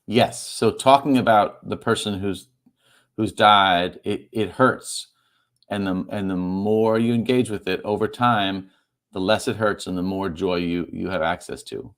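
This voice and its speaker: A man, the guest author in an interview, talking in a halting way, repeating words and laughing softly as he speaks. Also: sits low. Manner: halting, repeats words, stumbles through fillers; laughs softly mid-sentence while talking. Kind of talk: emotional conversational interview.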